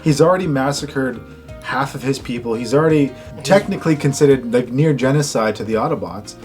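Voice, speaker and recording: A man's voice: medium pitch, a little fast, a little mellow, faint music behind. A man co-hosting a casual show review, talking in an exasperated, rhetorical way. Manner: exasperated, rhetorical, mimics characters. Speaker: co-host.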